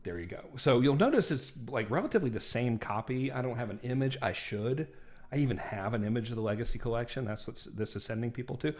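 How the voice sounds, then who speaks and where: A man's voice: medium pitch, expressive, quick pace, a little mellow. A man walks through his email campaign on screen in a loose, chatty teaching voice. He keeps checking in with "right?" and pokes fun at his own mistakes. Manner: chatty, self-deprecating, lots of "right?" and "like". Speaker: marketing course instructor. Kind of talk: casual screen-share walkthrough.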